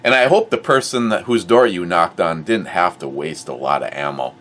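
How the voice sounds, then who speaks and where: A middle-aged man hosting a casual talk show, blunt and profane, swinging from muttered asides to loud outbursts. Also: low-pitched, lively intonation, normal speed, recorded from a distance. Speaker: host of a review show.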